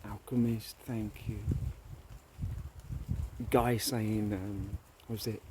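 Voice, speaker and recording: A man's voice: fairly low pitch, steady tone, mellow, slight background noise. A man hosting a solo show, telling a parable and reading from his own book in a reflective, meandering way. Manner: slow, reflective, jumps between topics. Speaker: podcast host. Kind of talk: monologue with storytelling and book reading.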